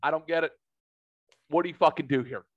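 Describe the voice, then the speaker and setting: A man's voice: fairly high pitch, fairly quick, no echo, lo-fi sound. A man telling a story in a casual podcast chat, profane and heated.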